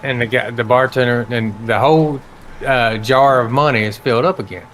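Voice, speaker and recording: A man's voice: mid-range voice, moderate pace, fairly bright tone, a little hiss or hum. Rambling man telling a long joke. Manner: rambling storyteller, many fillers and restarts. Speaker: live-stream co-host. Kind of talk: casual joke-telling on a game stream.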